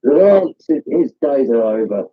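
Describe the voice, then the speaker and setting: British guy on a call, husky and lowish, tinny phone-like sound. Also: very animated, a little slow, dry recording. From United Kingdom. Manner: banter with crude jokes. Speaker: call participant. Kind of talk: casual chat. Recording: tinny call audio, dry.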